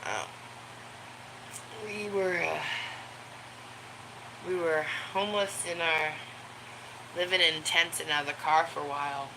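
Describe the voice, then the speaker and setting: A woman talks slowly and casually to her camera at home, stopping often for ums and small laughs. Her voice sits a little low, and household noise runs clearly behind her. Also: fairly even intonation. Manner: rambling, with many ums and laughs; high baby talk to her pets. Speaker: vlogger.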